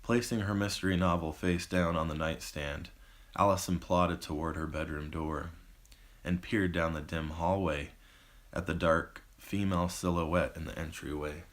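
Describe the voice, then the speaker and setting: A man, the author, reading his own novel as measured audiobook narration. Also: sits low, fairly even intonation. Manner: measured storytelling.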